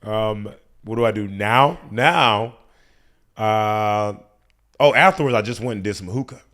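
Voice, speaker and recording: A man's voice: on the low side, unhurried, a bit bright. A man in his thirties, a comedian guest on a podcast, telling a story casually with laughs and acted-out quotes. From United States. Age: 30s. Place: podcast studio.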